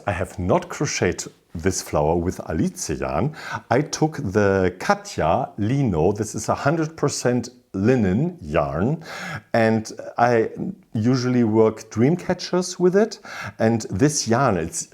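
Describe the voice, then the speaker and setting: A man with a German accent talks through a crochet tutorial in a casual, chatty way. His voice sits low, yet it leaps up and down with expressive energy. He tells the story with animated exasperation.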